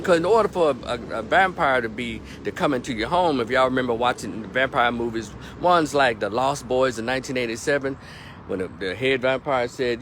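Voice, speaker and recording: A middle-aged man talks outdoors about a film he just saw, jumping back and forth through the plot. His talk is loose, animated and salted with swearing, at an everyday pitch. Faint traffic hums behind him. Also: a little fast. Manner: rambling and animated, retells scenes with profanity. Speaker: movie reviewer. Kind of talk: casual movie review vlog.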